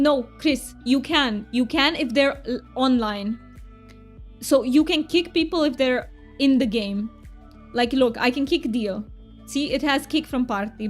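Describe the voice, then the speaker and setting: A woman streaming a game, chatting casually with her party and gushing with delight. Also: fairly high pitch. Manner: chatty, excitable, quick gasps of delight. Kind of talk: casual live-stream chat while gaming.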